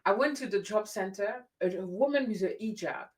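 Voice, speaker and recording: A woman hosting a casual conversation, telling stories in an animated way and often restarting her sentences. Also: medium pitch, brisk. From grew up in France. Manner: animated storyteller with frequent restarts. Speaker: host. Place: lives in the UK.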